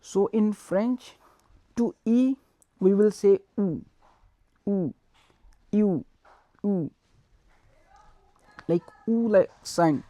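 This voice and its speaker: A woman's voice: mid-range voice, dark tone, no room sound. A woman teaching a beginner language lesson, repeating each word and spelling it out letter by letter. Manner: slow, repeats words and spells them letter by letter.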